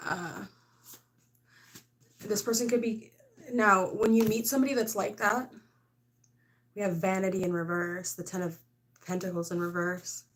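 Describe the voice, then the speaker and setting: Woman, tarot-reading vlogger; mid-pitched, casual, rambling and blunt. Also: fairly even intonation, measured pace, long pauses, a little hiss or hum. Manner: rambling, full of "like" and "I don't know"; frank, with laughs mixed in. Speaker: tarot reader.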